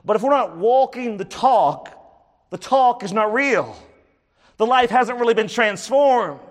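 Emphatic high-voiced male preacher. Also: lively intonation, unhurried, big-room sound. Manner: emphatic, repeats key phrases for stress. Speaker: pastor. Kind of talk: sermon.

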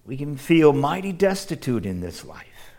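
A middle-aged male pastor from the Midwest preaching a sermon, addressing his congregation directly and moving from loud emphasis to hushed near-whispers. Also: on the high side, big pitch swings, unhurried. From American Midwest.

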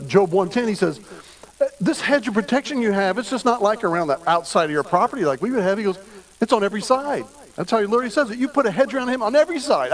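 A man's voice: high-pitched, rough recording. A man preaching a midweek sermon as pastor, folksy and storytelling.

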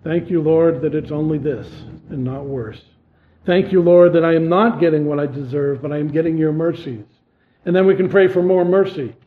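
Preacher, male, slightly high voice, earnest sermon delivery, narrow phone-like audio. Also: normal speed. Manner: earnest, rising to emphatic questions then dropping low. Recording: tinny phone-like sound.

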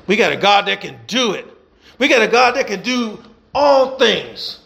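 A high-pitched male pastor preaching, his voice gravelly and rough. He drives his points home through repetition and emphatic call-outs to the congregation. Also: sing-song, normal speed, pushed and bright. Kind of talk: sermon.

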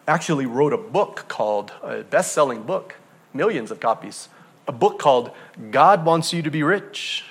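Male pastor, sermon, fairly high voice, hushed asides to forceful emphasis. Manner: swings from hushed near-whispers to loud emphatic preaching.

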